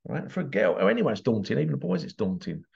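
Storytelling dad, casual motivational talk. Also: male voice, mid-range voice, sing-song, quick pace, vocal fry, a little mellow, lo-fi sound. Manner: storytelling, acting out dialogue. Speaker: parent giving life advice.

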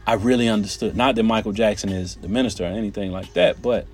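A man telling a personal story in an animated, conversational way, often turning to his listeners with "right?" and "y'all". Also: on the low side, quick pace, soft background music.

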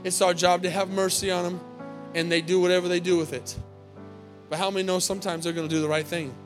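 A male pastor preaches to his church in a fairly high voice, building repeated phrases and checking in with the congregation. Soft music hums faintly under his sermon. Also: flat delivery, fast. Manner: preaching with call-and-response "Amen?" and repeated phrases.

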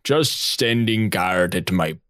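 A man voicing a lumbering guard who talks to himself in a slow, formal way. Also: sits low, expressive, fairly bright tone, dry recording, clean studio sound, heavily acted. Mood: drowsy.

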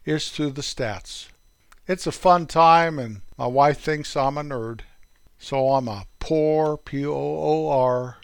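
A man hosting a podcast, telling corny puns and comic stories in a deadpan way. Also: on the high side, no echo. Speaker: podcast host. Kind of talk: comic storytelling.

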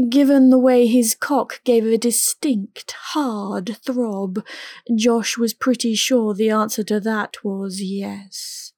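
A woman narrating an erotic story in an unhurried, even reading. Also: on the high side, no room sound, clean studio sound. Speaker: audiobook narrator.

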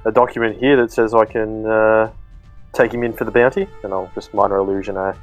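A man's voice: lowish voice, level tone, brisk, highs cut off, faint music behind. Hesitant man playing a tabletop game. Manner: hesitant, full of uh and um. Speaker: player. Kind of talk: casual tabletop play.

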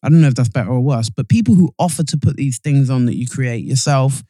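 A man's voice: mid-range voice, fast, dark tone, no room sound. A man co-hosting a casual podcast, rambling and self-interrupting, a little chesty. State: slightly chesty. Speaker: podcast co-host. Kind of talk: casual chat.

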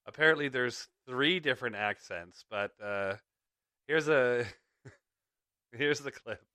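A man's voice: medium pitch, slow, sharp tone, smooth, no room sound. A man hosting a podcast in rambling casual chat, chuckling between thoughts, with a slight clicky sound to his voice. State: slight clicky voice from ear infection. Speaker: podcast host.

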